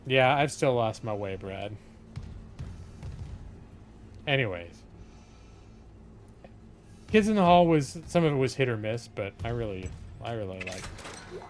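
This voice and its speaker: A man's voice: medium pitch, sing-song, a little slow, pauses often, soft background music. A man streaming a video game and chatting in a digressive way, filling his talk with fillers while he retells old comedy sketches. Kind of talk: rambling gameplay commentary on a live stream.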